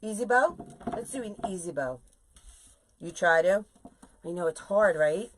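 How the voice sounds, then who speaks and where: A middle-aged woman with a fairly low voice chats to her viewers as she makes a wreath bow on a live stream. She is animated and casual, talking to them the whole time she works. A faint hiss of noise sits under the recording. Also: measured pace. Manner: chatty, animated, talks to viewers while working. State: sore legs from standing. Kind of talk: casual chat while crafting on a live video.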